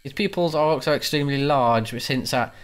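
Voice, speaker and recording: A man's voice: medium pitch, a little fast, clean tone, close to an everyday voice. A man putting on a pompous doctor customer. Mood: smug. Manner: pompous, lecturing. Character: smug know-it-all male doctor customer. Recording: mains hum behind.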